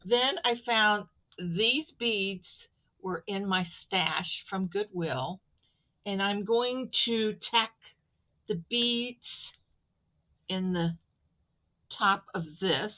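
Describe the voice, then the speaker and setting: A woman from Florida chatting casually to her viewers as she shows off a sewing project, rambling and stopping to handle the fabric. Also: medium pitch. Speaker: crafting vlogger. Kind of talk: casual craft show-and-tell. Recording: tinny phone-quality audio.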